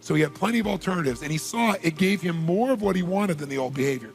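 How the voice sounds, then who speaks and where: A man's voice: a little high, lively intonation, quick pace, creaky, soft background music. A man giving an emphatic motivational talk at a seminar, telling a story and repeating key phrases for weight. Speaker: motivational speaker.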